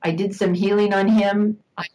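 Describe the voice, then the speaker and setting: An older woman being interviewed tells a personal story in a reflective, unhurried manner, laughing now and then. Her medium-pitched voice is dark in tone with little pitch movement, and the audio quality is poor.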